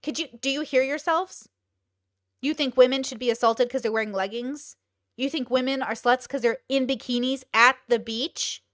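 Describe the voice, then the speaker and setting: A young woman hosting a live stream, talking bluntly with lots of swearing and rapid rhetorical questions. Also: high-pitched, steady tone, fairly bright tone, no echo, studio quality. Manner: blunt, profane and exclaiming. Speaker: streamer host. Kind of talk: casual live-stream commentary.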